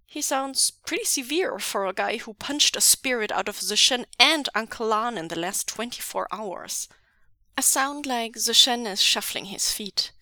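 A woman reading fan fiction aloud as an audiobook, with a measured storytelling delivery. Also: on the high side, expressive, sharp tone, no echo, studio quality. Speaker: podfic reader.

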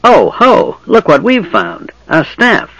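A man reading an audiobook, voicing a greedy, brutish male goblin guard in a raised, croaking voice. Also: fairly high pitch, wildly swooping pitch, takes it slowly, pushed and bright, no room sound, pitched above the performer's own voice, heavily acted, poor audio. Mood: gloating.

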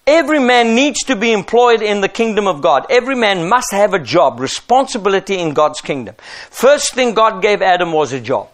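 A man's voice: high-pitched, sing-song, a little fast. A middle-aged man preaching a sermon as pastor, emphatic and driving his points home with rhetorical questions.

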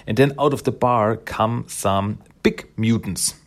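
Man, lowish voice, easygoing comic recap, rambling with fillers. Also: unhurried, few pauses. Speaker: comic book reviewer.

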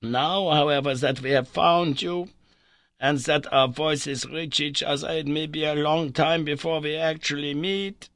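A man voicing an older scholarly uncle who speaks slowly and reassuringly, with a raised pitch. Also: steady tone, fairly bright tone, no echo. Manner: slow, deliberate and reassuring. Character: older male scholar uncle, steady and encouraging.

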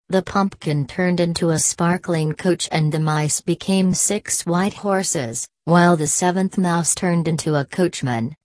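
A woman reads a fairy tale aloud in a measured, expressive storybook style. Her voice sits low, and the recording is dry and close with no room around it. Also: no echo. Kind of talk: scripted storybook narration.

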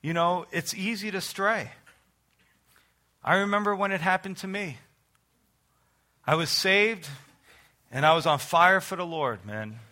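New guy preaching, bright kinda high voice, earnest and chatty, tells his own story. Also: measured pace, pauses often. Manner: earnest, conversational preaching with emphatic rises. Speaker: pastor. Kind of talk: sermon with personal testimony.

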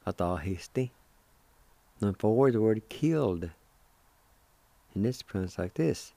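Slow, deliberate man teaching words. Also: fairly low pitch, creaky, mellow, no room sound. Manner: spells letters one by one and repeats syllables deliberately. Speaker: radio host teaching Cherokee words. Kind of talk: slow, careful language lesson.

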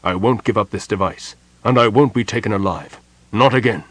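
A man voicing a proud, bitter male mage who speaks crisply and commandingly. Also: fairly low pitch, fairly quick, no room sound. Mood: stern.

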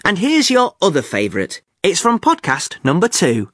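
Man, podcast host, clear teacherly delivery, amused, dry close mic. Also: high-pitched, wildly swooping pitch, normal speed, a bit bright, no echo. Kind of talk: English-learning podcast presenting.

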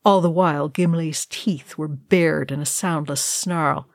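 A woman reading a story aloud in a slow, measured way. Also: sits low, fairly even intonation, no room sound, clean studio sound. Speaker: audiobook reader. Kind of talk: fan fiction reading.

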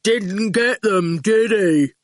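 Woman as a hulking dim male goon, slow clipped words, flat delivery, dry close recording. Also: medium pitch, no room sound. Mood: blunt.

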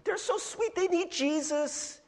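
A man putting on a high, coaxing voice as a fussy church elder pleading for volunteers. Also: measured pace, big-room sound. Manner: high, sing-song, coaxing pleas.

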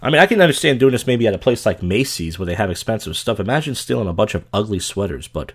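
Guy from the mid-atlantic riffing on clips, kinda low voice, blunt and crude jokes. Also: lively intonation, fast, slightly rough. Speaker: host reacting to viral clips. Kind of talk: casual commentary.

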